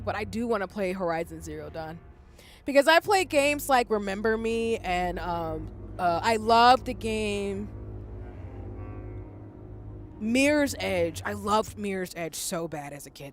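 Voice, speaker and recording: A streamer from the Southern United States who chats casually with their viewers while playing a game. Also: mid-range voice. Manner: chatty, animated, addresses chat. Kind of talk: casual gameplay commentary.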